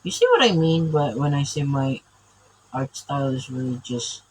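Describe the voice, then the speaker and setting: A man's voice: mid-range voice, lively intonation, moderate pace, slight background noise, rough recording. A man chatting casually while he draws, rambling and stammering with frequent laughs. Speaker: artist drawing on camera. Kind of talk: casual chat while drawing.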